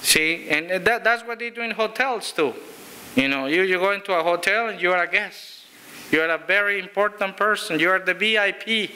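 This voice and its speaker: A pastor preaching in a church, his high voice sharp and very bright. He tells stories in a loose, chatty way, restarting phrases and chuckling. A faint hiss sits under the recording. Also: normal speed. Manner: storytelling with frequent restarts and chuckles. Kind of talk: conversational sermon. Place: church sanctuary.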